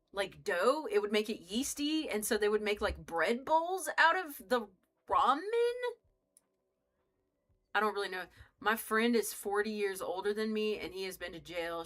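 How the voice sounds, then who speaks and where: Bright-voiced young woman streamer. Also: medium pitch. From United States. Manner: rambling, joking, swears freely, chats with viewers. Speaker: game streamer. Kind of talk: casual live-stream chat while playing.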